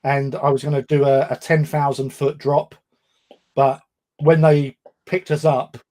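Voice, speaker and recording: An Englishman with a somewhat high speaking voice spins a meandering anecdote. He talks casually on a livestream with lots of filler words and self-mocking laughter. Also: little pitch movement, unhurried, warm tone. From England. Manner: rambling, self-deprecating, laughs often. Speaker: livestream co-host. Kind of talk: casual storytelling chat.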